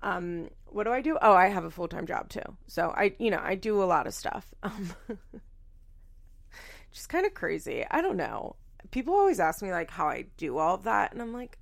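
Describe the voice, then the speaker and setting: A woman's voice: fairly low pitch, sing-song, brisk, vocal fry. A young woman hosting a podcast alone, chatting in a rambling, casual way, swearing freely and poking fun at herself. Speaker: podcast host. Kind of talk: casual solo podcast chat.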